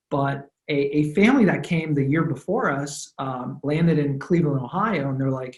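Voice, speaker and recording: A man's voice: on the high side, normal speed. Romanian-born guy in his 30s, easygoing, lots of ums and restarts, roomy echo. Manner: relaxed, thoughtful, with many fillers and restarts. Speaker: guest, former football punter. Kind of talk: casual interview storytelling.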